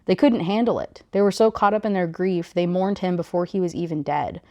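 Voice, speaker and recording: A woman's voice: on the low side, fairly quick, mellow, natural voice. A woman reading as a weary, grieving young man. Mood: confessional.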